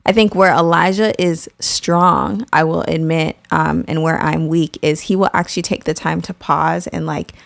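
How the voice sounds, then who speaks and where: A woman's voice: deep voice, fairly even intonation, normal speed, gravelly, few pauses, no echo, clean studio sound. A young adult woman co-hosting a podcast, talking openly and appreciatively about parenting in casual conversation. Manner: open, candid and appreciative. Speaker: podcast co-host, mother.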